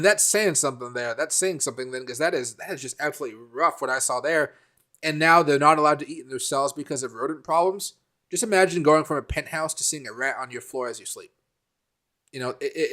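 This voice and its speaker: A man's voice: fairly high pitch, a bit bright. A man hosting a casual live stream, rambling and answering viewer comments by name, with many fillers and restarts.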